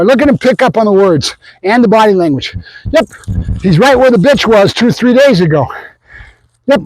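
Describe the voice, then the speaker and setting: A man with a high, animated voice runs a puppy training demo, talking casually to viewers as guys. He keeps switching to bursts of excited praise for the dog. The sound is dry and close. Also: moderate pace, long pauses, dry recording, low-quality recording. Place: outdoors at a training area.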